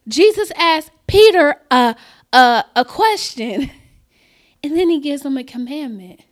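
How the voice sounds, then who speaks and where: A woman preaching a sermon, reading scripture deliberately and building her points to loud, emphatic declarations. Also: sits high, animated. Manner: reads scripture slowly and deliberately.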